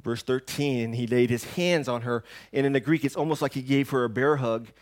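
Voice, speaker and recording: A male pastor preaching a sermon in a church, rising to loud emphasis and then dropping to a hush, often asking the congregation rhetorical questions. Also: mid-range voice, fairly quick. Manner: dynamic preaching, swings between hushed and loud.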